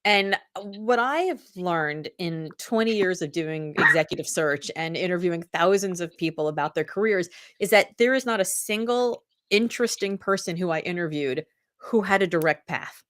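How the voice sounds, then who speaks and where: A woman's voice: on the low side, normal speed. A middle-aged woman, an author guest in a casual interview, telling stories and acting out the lines of other people. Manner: animated storytelling, acts out quotes.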